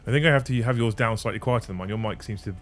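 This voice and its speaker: A man's voice: lowish voice, racing, faint music behind. A man hosting a livestream, chatting casually and swearing freely as he fixes his audio settings. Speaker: livestream host. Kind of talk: casual stream chat. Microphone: studio mic on a desk mixer.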